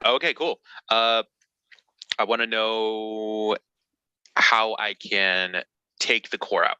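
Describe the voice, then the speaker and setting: Bright-voiced man puzzling over the rules. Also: on the low side, steady tone, slow pace, smooth, dry recording, dull audio. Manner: questioning, unsure of the rules. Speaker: player. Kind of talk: casual chat during a tabletop game.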